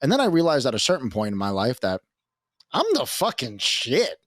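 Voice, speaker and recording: Man, podcast co-host, rapid-fire rambling, profane and cocky, casual chat, dry close sound. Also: mid-range voice, wildly swooping pitch, no echo. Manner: rambling, profane, self-assured.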